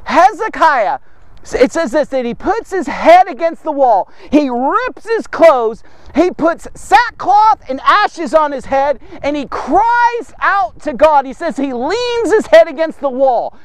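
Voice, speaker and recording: A male host leads a daily devotional with lots of energy, asking his listeners question after question. His voice sits high and swings widely in pitch. The recording is dry and close, with no room sound. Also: takes it slowly, no room sound. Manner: animated, conversational, rhetorical questions. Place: studio man cave set.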